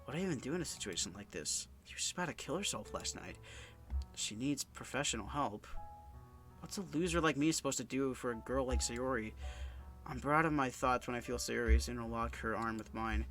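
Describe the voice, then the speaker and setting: A young man reading a visual novel game aloud, subdued and somber, stumbling now and then over words. His voice is bright and forceful despite a stuffy, congested nose, at an average pitch for a man. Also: normal speed, soft background music. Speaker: let's-play narrator.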